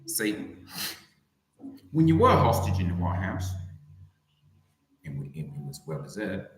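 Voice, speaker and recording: A man hosting his own channel, delivering a rambling satirical rant with theatrical swoops in pitch and words repeated over and over. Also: very animated, measured pace, echoey room, a little hiss or hum, rough recording. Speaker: YouTube channel host.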